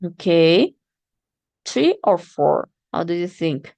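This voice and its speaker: A woman teacher giving a demo phonics lesson, patiently repeating words slowly and clearly and encouraging her learners. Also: fairly low pitch, very animated, dark tone, no echo.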